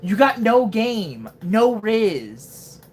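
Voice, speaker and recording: A woman's voice: medium pitch, sing-song, drawn-out words, darkish tone, a little hiss or hum. A woman voicing a snarky young male fox sidekick who mocks and scolds in slangy trash talk. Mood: mocking.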